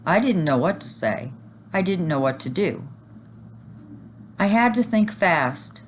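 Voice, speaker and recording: A woman teacher reading a children's chapter book aloud, animated and expressive. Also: on the low side, a little slow, long pauses, slight background noise.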